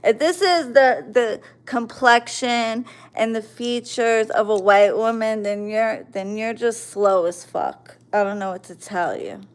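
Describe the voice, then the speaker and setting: A woman's voice: a little high, animated, measured pace, hardly any pauses. A woman in her forties, a livestream host, angrily ranting at commenters in a profane, confrontational and mocking way. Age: 40s.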